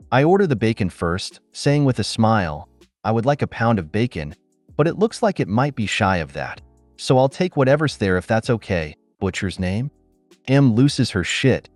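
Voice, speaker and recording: Male story narrator, low voice, animated pitch, dry close mic, faint music underneath. For reddit story readings. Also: no room sound. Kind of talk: reading reddit stories aloud.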